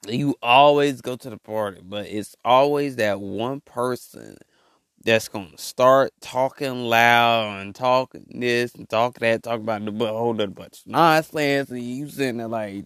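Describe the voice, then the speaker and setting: A man's voice: medium pitch, moderate pace, a bit bright, no echo, clean studio sound. A man ranting in a loose, rambling comic monologue, full of slang and filler words. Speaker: podcast host. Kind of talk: comedic rant monologue.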